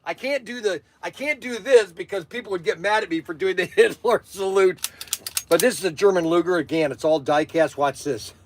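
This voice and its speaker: A man hosting a live stream and pitching toys as an excitable salesman who hollers and laughs. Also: normal speed. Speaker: toy shop host.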